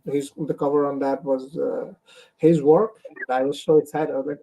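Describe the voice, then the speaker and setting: Young male comic artist from India, remote interview guest, gravelly voice, hesitant. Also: a little high, steady tone, fairly quick, a little mellow, rough recording. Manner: hesitant, many fillers and restarts. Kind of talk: casual interview. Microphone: remote stream call.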